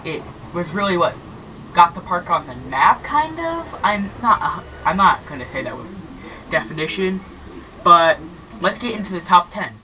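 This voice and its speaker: A woman with a low-pitched yet bright, forceful voice chats casually through a vlog ranking roller coasters. She speaks haltingly, filling pauses with frequent fillers and restarting her sentences. She sits at a distance from the mic, with a faint hiss behind her. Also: sing-song.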